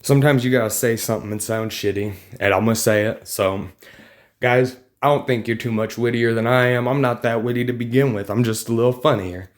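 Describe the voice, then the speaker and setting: A man's voice: medium pitch, fairly even intonation, a little fast. A man ranting in a political vlog, combative and mocking, loose and rambling with some swearing. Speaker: vlogger.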